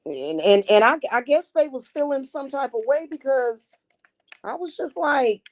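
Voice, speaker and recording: A woman's voice: a little high, big pitch swings, moderate pace. A woman ranting heatedly on a livestream, cursing often, repeating words when worked up and calling her viewers y'all. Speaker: livestream host.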